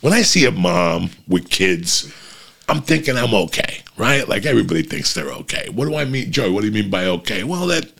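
Gravelly low-voiced man telling crude stories. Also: a little fast. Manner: profane, animated, addresses listeners as guys. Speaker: podcast host. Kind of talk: casual comedic storytelling.

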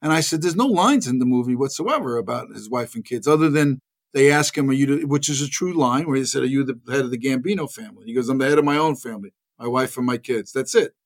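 A man's voice: medium pitch, fast. A man telling rambling stories in a casual interview, acting out the people he quotes. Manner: rambling, animated, acts out quoted voices. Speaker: actor guest.

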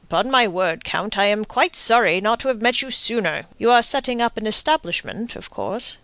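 A woman's voice: medium pitch, expressive, moderate pace, fairly bright tone, no echo. Woman reading as a pompous cajoling banker. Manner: smooth, cajoling. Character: pompous middle-aged male banker, wheedling.

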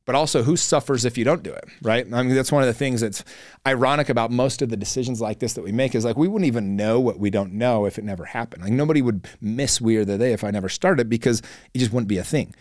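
A man's voice: medium pitch, fast talker, darkish tone, dry recording. Earnest man coaching, dry close sound. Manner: earnest, coaching tone with many fillers and restarts. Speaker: podcast host. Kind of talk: motivational monologue.

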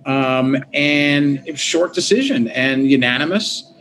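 A middle-aged man, an interview guest, telling his story in a lively, conversational way, with quick restarts and quoted voices. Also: on the high side, slight background noise, poor audio. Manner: animated, quick restarts, quotes himself and others.

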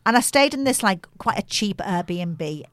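A woman's voice: mid-range voice, lively intonation, measured pace, no room sound. Chatty Liverpool woman in her sixties. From England. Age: 60s. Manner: chatty, rambling storyteller. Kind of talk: casual chat.

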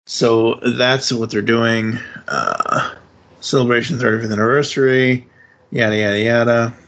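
An enthusiastic man talks in a loose, rambling way as a podcast host, often restarting his sentences. His voice sits at an ordinary middle pitch for a man. His chat is casual and conversational. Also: measured pace, a bit bright.

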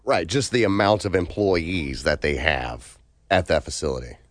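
A man's voice: sits low, moderate pace, no room sound. A man on a podcast, chatting casually in a laid-back way with short agreeing replies. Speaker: podcast co-host. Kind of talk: casual chat.

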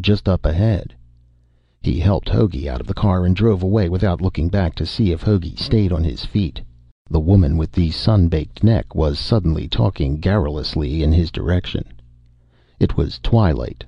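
Deep gravelly male narrator. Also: no room sound. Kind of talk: audiobook narration. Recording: dull, dry recording.

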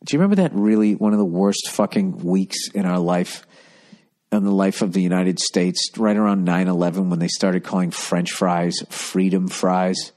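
A man with a deep, low voice rants through a solo podcast episode. He is profane and rambling, and sounds exasperated as he tells his stories. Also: moderate pace, a little mellow. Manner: storytelling with voiced asides. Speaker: podcast host.

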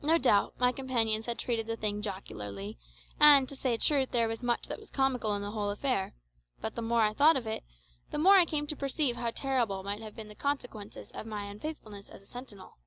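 A woman narrating an adventure novel in a measured, expressive audiobook reading. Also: on the high side, low-quality recording.

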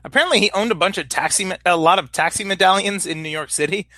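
A man with a fairly high, bright and sharp voice co-hosts a podcast. He fills his talk with "like" and hedges as he goes. The recording is dry and close. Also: quick pace, no room sound. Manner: hedging, lots of "like", swears. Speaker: podcast co-host. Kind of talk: casual political banter.

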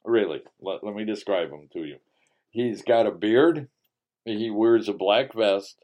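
A man's voice: on the low side, measured pace, darkish tone. A man hosting a casual radio show and interview, talking in a joking, rambling, teasing way. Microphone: studio mic with webcam.

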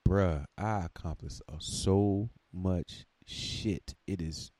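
A man's voice: sits low, slow, warm tone, dry recording. A man podcaster rambling on in a loose, profane monologue, half talking to himself. The sound is dry and close, with no room in it. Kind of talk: casual rambling monologue while gaming.

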